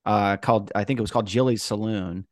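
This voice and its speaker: A man's voice: lowish voice, fairly even intonation, quick pace, dry recording, clean studio sound. A man hosting a podcast interview, who casually fills in background for the listeners and restarts his sentences often. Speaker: podcast host, entertainment lawyer. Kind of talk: conversational interview.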